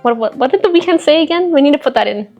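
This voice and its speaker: A high-voiced woman chats through a home cooking vlog. She mutters the steps to herself and pokes fun at her own mistakes. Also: animated, quick pace, a little mellow, lo-fi sound, faint music behind. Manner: chatty, self-mocking, talks to herself while cooking. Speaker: vlogger. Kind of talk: casual cooking vlog chat.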